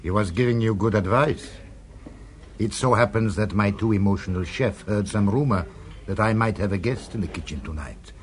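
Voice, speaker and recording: A man playing a suave, low-voiced restaurateur. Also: normal speed, slight background noise, lightly acted. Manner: smooth, formal, polite but stern. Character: suave, commanding male restaurant owner.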